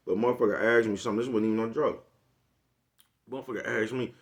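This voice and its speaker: This man's pitch is fairly low and his tone steady; he talks fast but pauses often. Vlogging a laid-back comic rant to the camera, he laughs frequently, swears in street slang, and leans on the catchphrase "you know what I'm talking about."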